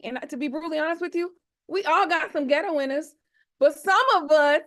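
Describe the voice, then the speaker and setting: A woman in her forties hosts an online event over a video call, with a fairly high voice. She talks in a playful, slangy, chatty way and keeps hyping up her audience. She sounds like she is speaking into a home computer. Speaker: host of an online expo. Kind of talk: lively motivational hosting on a video call.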